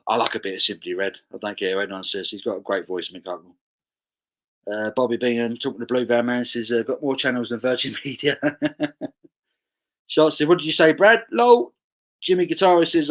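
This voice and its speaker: A man hosting a relaxed livestream, working through viewer comments one by one and riffing on each of them. His voice sits at a middle pitch, and he talks in an easy, conversational way. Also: poor audio. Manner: chatty, reads out viewer comments with asides. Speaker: livestream host. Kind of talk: casual chat reading comments.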